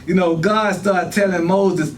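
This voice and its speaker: A man preaching a sermon in church, talking fast and repeating phrases for emphasis. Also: high-pitched, steady tone, recorded from a distance, slight background noise, low-quality recording. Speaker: pastor.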